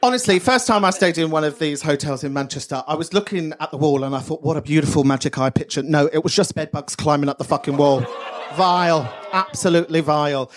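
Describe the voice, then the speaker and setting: A man's voice: fairly high pitch, quick pace. A man hosting a live podcast show in front of an audience, bantering, swearing and laughing often. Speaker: podcast host.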